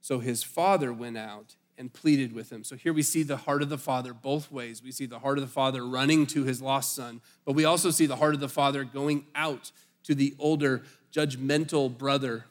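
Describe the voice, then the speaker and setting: A man's voice: medium pitch, steady tone, a little fast, long reverb tail. A man pastor preaching a sermon in a conversational, storytelling way, with slips and restarts.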